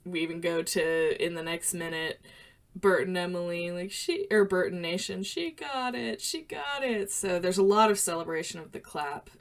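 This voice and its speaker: A woman's voice: on the low side, little pitch movement, normal speed. A woman co-hosting a podcast in casual chat, rambling and laughing easily. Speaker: podcast co-host.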